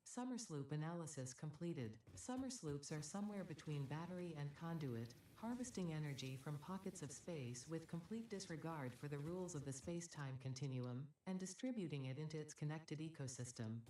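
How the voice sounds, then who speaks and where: A woman voicing a cheery corporate AI assistant in a game, calm and announcing with dry politeness. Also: low voice, fairly quick, few pauses, slight background noise. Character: cheery corporate female AI, coldly dutiful. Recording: roomy, distant game audio.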